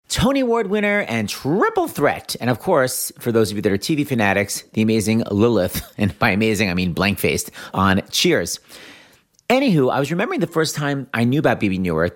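A man hosting an interview podcast, chatty and animated, laughing often as he tells stories. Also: mid-range voice, a little fast. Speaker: podcast host. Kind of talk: casual interview chat.

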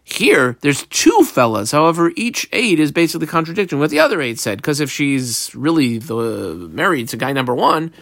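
A man's voice: on the high side, very animated, moderate pace, creaky, few pauses, a bit bright, dry recording, studio quality. A man teaching a page of Talmud, reading the text and translating it line by line as he marks it up. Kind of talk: daf yomi Talmud class.

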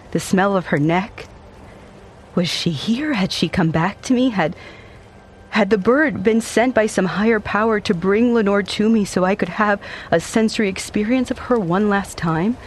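High-voiced man narrating a dark tale. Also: normal speed, slight background noise. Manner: intense, brooding and theatrical. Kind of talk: dramatic first-person story narration.

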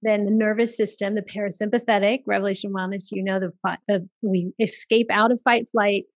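A woman's voice: medium pitch, fairly even intonation, fairly quick, dry recording, lo-fi sound. Earnest woman hosting a faith podcast. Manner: earnest, affirming, frequent listening sounds. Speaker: podcast host. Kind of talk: faith-based conversational interview.

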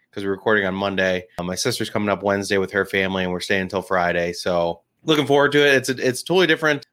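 A man's voice: fairly low pitch, fairly bright tone. A man co-hosting a podcast, chatting casually and rambling with lots of "like" and restarts. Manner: rambling, many fillers and restarts. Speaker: podcast co-host.

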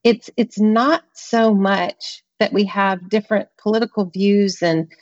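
An earnest woman talks through hurt and anger as a podcast guest, leaning on emphatic repeats. Her voice sits at an ordinary middle pitch. The audio is a little dull and muffled, like a remote connection. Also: fairly even intonation, measured pace, darkish tone. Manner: earnest, emphatic storyteller, repeats words for stress. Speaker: author and guest. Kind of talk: podcast interview conversation.

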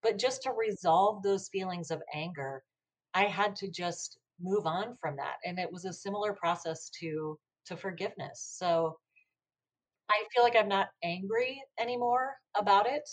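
An American woman speaking reflectively as a podcast guest, often pausing with "you know". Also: mid-range voice. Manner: reflective, with frequent you-knows. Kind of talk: conversational interview.

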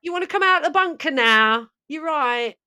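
A woman's voice: sits high, lively intonation, moderate pace, sharp tone, voice pushed up, heavily acted. A woman putting on a north London accent to play a rescuer coaxing people out of a bunker. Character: rescuer calling down a chimney, jokey north London voice.

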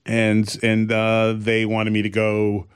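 A man with a fairly low voice swaps stories on a casual podcast. He rambles with restarts and fillers and acts out the people in his stories. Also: takes it slowly, smooth. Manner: animated storytelling, acting out the people he quotes. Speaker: comedian.

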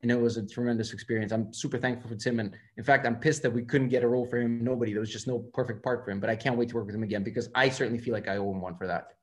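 Fast-talking man. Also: mid-range voice. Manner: fast, animated, acts out quoted dialogue. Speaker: film director, guest. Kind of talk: casual interview storytelling.

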